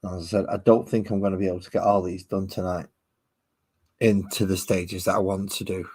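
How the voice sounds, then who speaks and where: A man's voice: low-pitched, flat delivery, fairly quick, a little mellow, breathy edge. A man streaming himself painting miniatures at his home hobby desk, rambling casually to his chat viewers.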